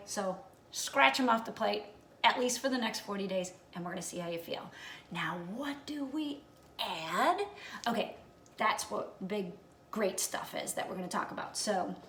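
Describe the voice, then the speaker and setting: A woman hosting a plant-based diet challenge in a casual instructional vlog, chatty and homey, often checking in with "okay?" and joking at her own expense, recorded in her home kitchen. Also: mid-range voice. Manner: homey, self-deprecating humor. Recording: echoey room, voice far from mic, faint room noise.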